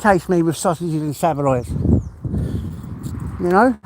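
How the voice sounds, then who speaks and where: A man's voice: fairly high pitch, animated, measured pace, background noise. A man chatting casually on a live stream while out walking, swearing freely and laughing often. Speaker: livestream host. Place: outdoors on a walk.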